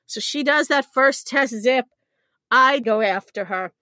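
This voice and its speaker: A middle-aged woman telling a personal story to a podcast host, animated, self-deprecating and often laughing as she talks. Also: on the high side, measured pace, no echo, clean studio sound. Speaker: podcast guest. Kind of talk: conversational storytelling.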